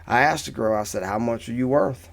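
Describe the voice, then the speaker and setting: A man's voice: mid-range voice, brisk, vocal fry. A man in his thirties talking casually to camera, rambling through a personal story with many restarts and asides. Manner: rambling, repeats "right?" and restarts. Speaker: vlogger.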